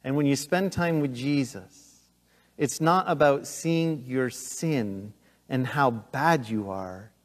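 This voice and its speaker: A middle-aged man preaching a sermon as pastor, earnest and emphatic, swinging between loud urgency and hushed intensity. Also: medium pitch, takes it slowly. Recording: long hall reverb.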